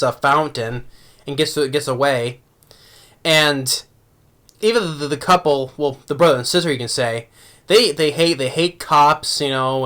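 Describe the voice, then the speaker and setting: A man's voice: fairly high pitch, fairly bright tone. A young man casually reviewing a movie, rambling with many restarts and laughs.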